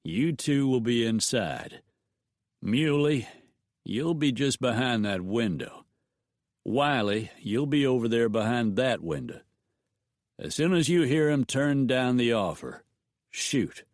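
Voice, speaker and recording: A man's voice: medium pitch, expressive, takes it slowly, no room sound, clean studio sound. A man voicing a scheming male boss who gives curt orders. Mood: commanding.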